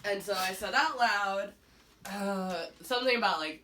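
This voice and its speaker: Woman telling a funny story, bright lively voice, bit far from the mic with some hiss. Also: mid-range voice, unhurried. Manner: animated, swings into quoted voices. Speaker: storyteller, podcast co-host. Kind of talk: comic anecdote, casual chat. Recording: slightly distant mic, faint hiss.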